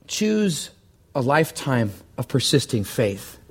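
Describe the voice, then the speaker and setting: A man preaching a sermon as pastor, earnest, often repeating words and climbing higher when stirred. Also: normal speed.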